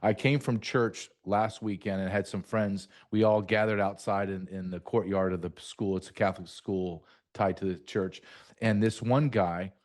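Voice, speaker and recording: A man interviewing a guest in casual talk, telling a lively anecdote. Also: deep voice, moderate pace. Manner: lively anecdotal storyteller, acts out voices.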